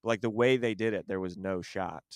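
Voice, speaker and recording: A man, a comedian podcast host, in casual chat, telling a story in an animated way and defending his side emphatically. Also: deep voice, a little fast, no room sound, clean studio sound.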